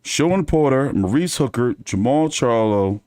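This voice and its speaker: A man's voice: mid-range voice, unhurried, no echo, studio quality. A man hosting a boxing channel, telling stories to his viewers in a loose, profane, laughing way. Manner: animated, profane, laughing anecdotes. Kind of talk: casual storytelling to viewers.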